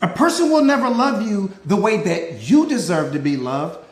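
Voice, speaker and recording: Male motivational coach, very high pitch, preacher cadence, roomy echoey sound. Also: sing-song, normal speed. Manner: preacher-like, repetitive rhetorical questions and answers. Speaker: mindset coach. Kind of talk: live motivational talk.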